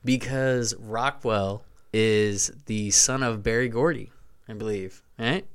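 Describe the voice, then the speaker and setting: A man's voice: on the low side, takes it slowly, clear, resonant tone. A man in his thirties co-hosting a podcast, chatting casually and telling stories with enthusiasm. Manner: enthusiastic, laughing storyteller. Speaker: podcast co-host. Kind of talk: casual chat.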